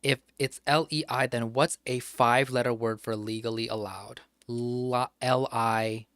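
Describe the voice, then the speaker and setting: Clean studio sound with no room echo captures a gaming streamer's steady, unhurried, mid-range voice, a bit bright and clear in tone. He chats to himself over solo gameplay, spelling out crossword answers letter by letter, muttering, and letting slip the odd mild curse.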